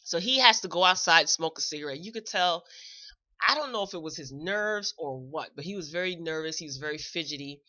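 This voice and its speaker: A woman's voice: low-pitched, animated, fairly quick, sharp tone, muffled recording. A woman hosting a show, giving a chatty, opinionated recap in a casual, blunt way. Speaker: show host reviewing a celebrity video.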